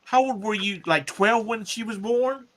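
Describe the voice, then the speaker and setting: A man's voice: high voice, normal speed, slight background noise. A man chatting casually on a podcast, teasing and laughing often. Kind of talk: casual chat.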